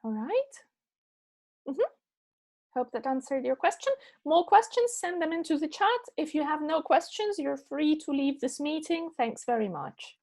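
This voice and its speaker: A woman's voice: high voice, lively intonation, a little slow, warm tone. Patient woman teacher on a call. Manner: patient, checks understanding with "yeah?" and "okay?". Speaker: English teacher. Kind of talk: answering chat questions after an online lesson. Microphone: online meeting microphone.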